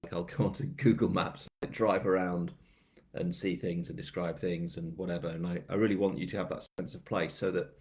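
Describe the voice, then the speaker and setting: A man's voice: deep voice, fairly even intonation, brisk, darkish tone. A British man, a crime novelist, chatting casually and rambling on a live book launch, with many fillers and a self-mocking tone. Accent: British English. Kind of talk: casual live-stream chat.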